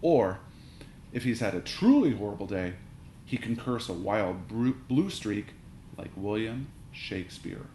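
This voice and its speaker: A man narrating a children's story aloud in an animated, playful way. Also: on the low side, a little slow. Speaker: audiobook reader. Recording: roomy reading with faint hiss.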